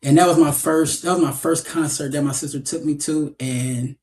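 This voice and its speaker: A man's voice: fairly high pitch, fairly even intonation, moderate pace, crowd noise. A man being interviewed as an actor guest over a video call, telling stories in a rambling casual way with many restarts.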